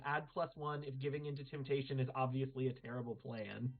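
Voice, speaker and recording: A man plays a tabletop game in a flirty, playful way. His voice sounds thin and phone-like, with quiet music underneath. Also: fairly high pitch, fairly quick, few pauses. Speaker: player. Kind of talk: tabletop role-playing game play. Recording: tinny phone-like stream audio.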